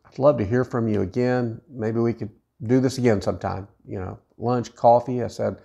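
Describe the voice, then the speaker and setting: A man's voice: medium pitch, fairly even intonation, moderate pace, gravelly, warm tone, husky, muffled recording. A middle-aged widowed man telling a personal story in an earnest way, often repeating himself and restarting his sentences. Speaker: widowed vlogger.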